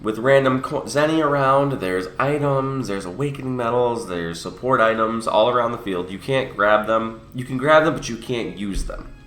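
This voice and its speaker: This gaming channel host is a young man who sounds sick and sniffly, a bit under the weather. Speaking at medium pitch and a moderate pace with few pauses, his slightly bright voice is reverberant with a little hiss or hum, as he explains a mobile game in casual walkthrough commentary and keeps correcting himself.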